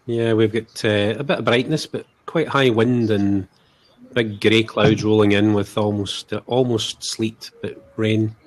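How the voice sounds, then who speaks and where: A man, a guest in a casual chat, talking in a relaxed, modest way over a video call from his flat. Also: on the low side, a little slow. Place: flat at home.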